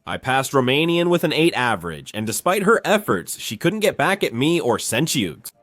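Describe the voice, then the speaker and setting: A man narrating a funny school story in a lively storytelling manner, slipping into quick voices for the people he quotes. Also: medium pitch, dry recording.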